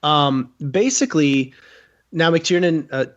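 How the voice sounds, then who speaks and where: Animated rambling man, muffled sound. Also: a little high, slow. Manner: animated, rambling with fillers and restarts. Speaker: guest film commentator. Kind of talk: casual podcast commentary.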